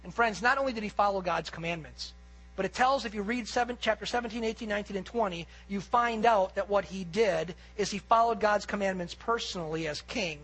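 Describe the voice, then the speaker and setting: Male pastor, very high, bright and slightly husky voice, sermon delivery, emphatic rises and quiet asides. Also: brisk, rough recording. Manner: earnest and emphatic, swinging between loud peaks and quiet asides.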